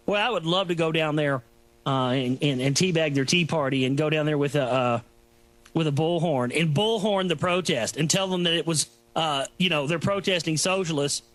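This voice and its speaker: Guy ranting on his own talk show, kinda high, sharp bright voice, sarcastic and mocking. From Texas. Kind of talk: rambling solo commentary.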